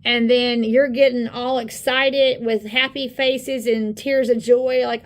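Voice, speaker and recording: Woman, fairly high voice, indignant casual commentary, halting with fillers. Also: little pitch movement. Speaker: channel co-host. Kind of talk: casual commentary on screen content.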